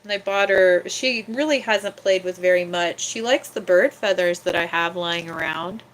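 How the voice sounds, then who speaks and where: A young woman chatting casually on her livestream, often cooing at her cat in a soft baby-talk voice. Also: fairly low pitch, normal speed. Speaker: livestream host.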